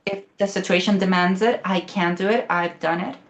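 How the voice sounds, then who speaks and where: A young woman chatting casually as a guest, telling a story quickly with lots of fillers and the odd swear word. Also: lowish voice, fairly even intonation. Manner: fast, rambling, many fillers, swearing.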